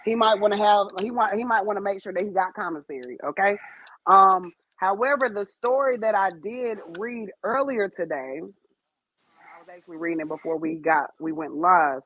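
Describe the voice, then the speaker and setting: Woman podcast co-host, husky, blunt and profane, reads gossip stories aloud. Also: mid-range voice, moderate pace, lo-fi sound. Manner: blunt, profane, chatty commentary. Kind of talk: casual chat, reading celebrity news stories aloud.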